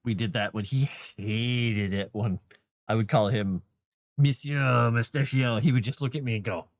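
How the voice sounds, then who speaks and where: A man with a fairly low voice talks casually on a live writing stream, greeting viewers and cooing at his cat between thoughts. The sound is close and dry, with no room echo. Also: normal speed, a little mellow.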